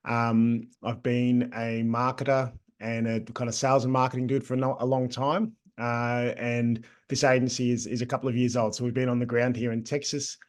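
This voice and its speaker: A middle-aged Australian man getting over a cold, a guest talking about his agency in a relaxed, chatty way with many ums. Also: medium pitch, normal speed, few pauses. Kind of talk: casual interview talk.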